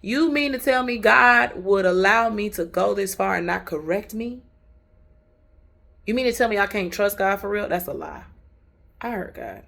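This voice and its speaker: A woman's voice: medium pitch, vocal fry, a bit bright. A woman telling her faith story in a casual vlog from a hotel room, chatty, candid and emphatic, laughing often. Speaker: vlogger.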